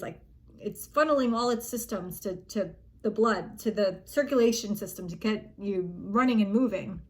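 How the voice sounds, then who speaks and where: A woman's voice: medium pitch, a little hiss or hum. A young adult woman coaching young gymnasts, speaking casually and earnestly, reassuring them and acting out an athlete's panicked thoughts. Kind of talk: casual spoken coaching advice.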